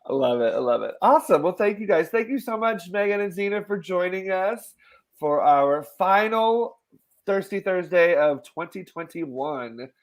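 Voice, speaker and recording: Lively, animated male podcast host. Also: high voice, moderate pace. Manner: animated, laughing, quotes himself in voices. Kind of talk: casual chat.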